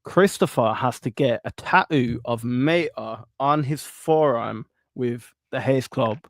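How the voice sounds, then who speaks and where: A man with a medium-pitched voice speaks slowly, with no echo, hosting a casual livestream. Upbeat and jokey, he greets viewers by name and reads out their chat comments.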